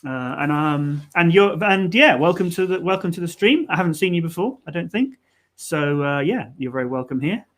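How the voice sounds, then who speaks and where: A man's voice: on the high side, expressive, moderate pace. A man co-hosting a live learning stream, explaining pronunciation in a casual, hesitant way with many fillers. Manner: hesitant, lots of ums and restarts, explanatory.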